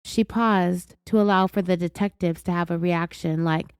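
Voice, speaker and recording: A woman's voice: lowish voice, steady tone, normal speed, few pauses, a little mellow, smooth, dry recording. A woman hosting a true-crime podcast, talking in a sarcastic, indignant and blunt way. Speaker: podcast host.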